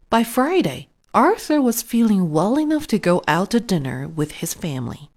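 Storybook reader, woman, expressive and unhurried, lively pitch. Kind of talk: children's story read-aloud.

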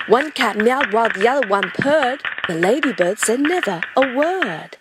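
Lively, sing-song storybook reader. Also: female voice, a little high, moderate pace, hardly any pauses, heavy background noise. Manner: sing-song, animated rhyming delivery. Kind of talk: reading a rhyming children's picture book aloud. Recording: loud background music. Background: music.

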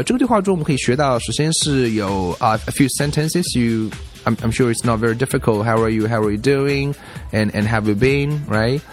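A man teaching a lesson, explaining in a mix of Chinese and English and slowly repeating example phrases. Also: mid-range voice. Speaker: language teacher. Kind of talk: bilingual classroom explanation.

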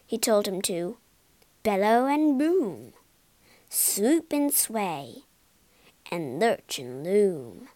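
Lively woman reading a ghost story. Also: mid-range voice, very slow, long pauses, no room sound. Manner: lively, expressive reading, whispering some lines. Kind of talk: children's story reading with character voices.

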